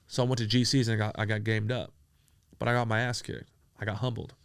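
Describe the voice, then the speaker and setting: A man's voice: lowish voice, fairly quick, vocal fry, clear, resonant tone, no echo. Profane, storytelling man, dry close mic. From San Diego, USA. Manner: profane, animated, acts out quoted dialogue. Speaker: entrepreneur guest. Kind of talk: casual storytelling interview.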